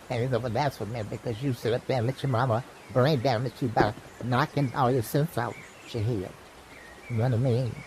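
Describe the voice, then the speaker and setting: A man's voice: medium pitch, darkish tone, slight background noise, poor audio. A man delivering an impassioned, profane monologue, lecturing like a teacher and repeating "you know what I mean". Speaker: self-styled teacher vlogger.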